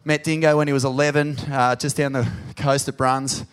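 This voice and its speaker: A man's voice: medium pitch, flat delivery, normal speed, clear, resonant tone. An Australian man hosting a live podcast in a pub venue, sweary and effusive as he hypes up the crowd. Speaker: podcast host.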